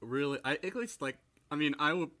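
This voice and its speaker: Bright-voiced young man. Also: fairly high pitch, lively intonation. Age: young adult. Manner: halting, restarts often. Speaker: podcast co-host, college student. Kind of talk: casual chat.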